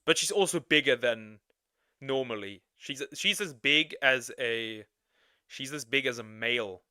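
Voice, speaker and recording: A man's voice: medium pitch, measured pace, smooth, no room sound, clean studio sound. A man with a non-native English accent, chatting casually on a livestream, rambling and restarting his sentences. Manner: rambling, animated, laughs often, restarts sentences. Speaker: streamer reacting to videos and chatting.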